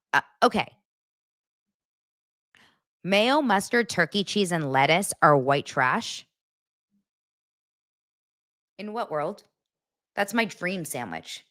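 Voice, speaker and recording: Chatty animated woman livestream host. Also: lowish voice, no echo, clean studio sound. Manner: chatty, animated, reads chat comments. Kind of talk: casual livestream chat.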